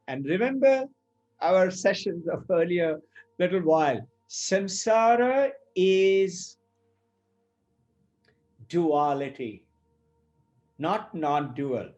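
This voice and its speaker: A spiritual teacher with a slightly high, darkish voice explains scripture over dull-sounding audio. He tells stories and voices the people quoted in them.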